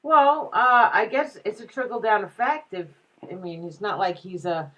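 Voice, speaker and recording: A woman's voice: medium pitch, normal speed, muffled recording. A female co-host chatting casually, rambling and restarting her sentences. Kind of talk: casual chat.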